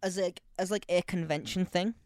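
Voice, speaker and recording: A man, co-hosting a casual podcast chat, animated and quick to laugh. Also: sits high, smooth, no room sound, clean studio sound. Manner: chatty, animated, laughs a lot. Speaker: podcast co-host.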